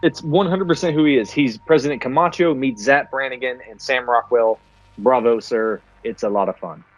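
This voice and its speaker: A man's voice: mid-range voice, normal speed, poor audio. A man co-hosting a podcast, casually and profanely retelling movie scenes. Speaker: podcast co-host. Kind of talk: casual movie-review chat.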